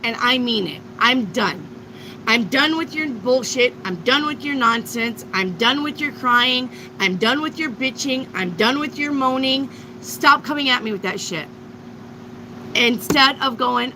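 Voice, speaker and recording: A woman's voice: fairly high pitch, expressive, a little slow, background noise. A woman giving a live tarot reading to viewers, blunt and emphatic, with frequent swearing. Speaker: tarot reader.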